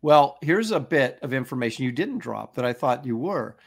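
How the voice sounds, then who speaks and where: A man's voice: mid-range voice, animated, moderate pace, vocal fry. A middle-aged man co-hosting a casual chat, enthusiastic and rambling, often restarting his sentences. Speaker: co-host.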